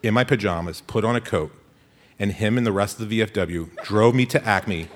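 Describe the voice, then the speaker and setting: A man telling a funny personal story on stage in a lively, playful way. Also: lowish voice, a little fast, a little hiss or hum. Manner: animated, playful comic delivery. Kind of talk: live comic storytelling.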